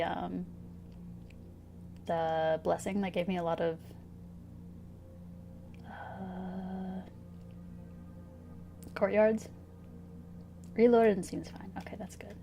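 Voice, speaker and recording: Slow, musing woman streamer. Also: fairly low pitch, fairly even intonation, a little hiss or hum. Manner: thinking aloud, hesitant, giggly. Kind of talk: casual gameplay commentary. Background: soft background music.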